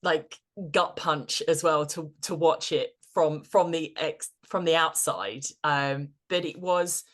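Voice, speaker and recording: A woman with a notably low voice chats as a podcast guest, easygoing and enthusiastic. She sounds middle-aged and talks in a loose, conversational way. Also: slow pace. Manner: chatty and enthusiastic, laughs easily. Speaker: guest, business coach. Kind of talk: casual podcast interview.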